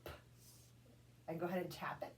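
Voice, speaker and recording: Woman tutor, lowish voice, patient and encouraging, one-on-one phonics drill, distant mic. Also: steady tone, brisk. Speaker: reading tutor. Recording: distant mic with faint background noise.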